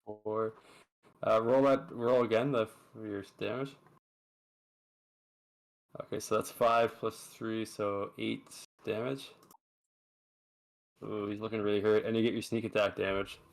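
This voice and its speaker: Gravelly man running a tabletop game. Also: lowish voice, flat delivery. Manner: chatty, quick bursts with many fillers. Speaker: dungeon master.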